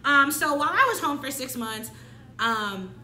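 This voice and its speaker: A woman in her twenties telling a candid personal story in an animated, slangy way, acting out her own past lines. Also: high-pitched, normal speed, roomy sound. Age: 20s. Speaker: vlogger.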